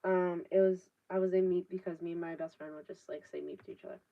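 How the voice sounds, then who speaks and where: Speaking quickly in a fairly low, level voice, a 19-year-old woman rambles through a casual live stream chat. She leans on fillers and swears casually, picked up by distant, dull laptop audio.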